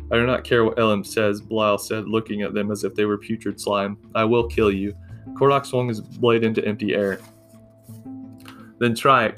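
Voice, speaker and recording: Guy reading a fantasy story out loud, low voice, pretty monotone, quiet guitar in the back. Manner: even, unhurried reading with small slips and self-corrections. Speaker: audiobook narrator. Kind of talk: reading a fantasy novel aloud.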